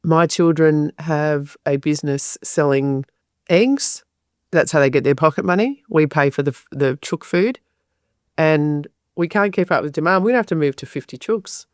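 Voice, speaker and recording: A woman chatting casually as a podcast guest, telling lively anecdotes about her farm life. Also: sits low, normal speed, no echo, studio quality. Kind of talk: casual chat. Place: studio desk.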